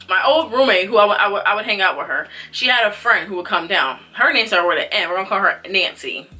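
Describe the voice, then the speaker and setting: A young woman tells a personal story straight to camera in a casual, chatty way. Her voice is bright and forward, and she slips into quoted dialogue with plenty of fillers. Faint music plays softly behind her. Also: fairly low pitch. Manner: animated, acts out dialogue, frequent fillers. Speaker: vlogger. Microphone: camera mic.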